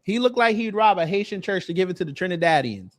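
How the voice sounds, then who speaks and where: A man hosts a casual commentary video, mocking his target in slangy, deadpan jokes. His voice sits a little on the high side. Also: quick pace, background noise. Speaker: host. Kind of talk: roasting commentary.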